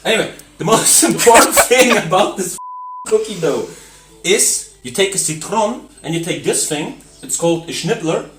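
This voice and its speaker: A man's voice: sits high, animated, normal speed. A man for whom English is not his first language, hosting a casual cooking stream in a brash, teasing, mock-boastful way. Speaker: cooking show host.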